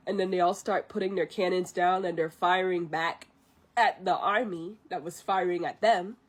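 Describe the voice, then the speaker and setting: A young woman streamer casually retelling a film from memory, chatty and pausing to recall details. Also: fairly low pitch, fairly even intonation. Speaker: vtuber streamer. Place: livestream at home.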